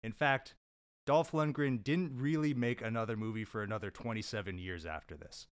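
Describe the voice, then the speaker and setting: Low-voiced, mock-indignant man. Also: moderate pace, clean tone, no echo. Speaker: podcast co-host making an opening statement. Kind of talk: comedic mock courtroom argument.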